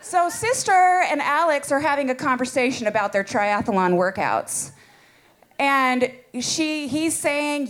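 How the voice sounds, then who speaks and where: A woman telling a comic personal story live to an audience, animated and playful, laughing as she goes. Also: high voice, a little slow.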